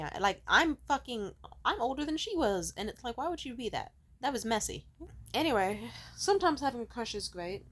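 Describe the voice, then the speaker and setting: A woman in her twenties telling personal stories casually to the camera, swinging from loud excitement to soft, low asides and swearing freely. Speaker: vlogger.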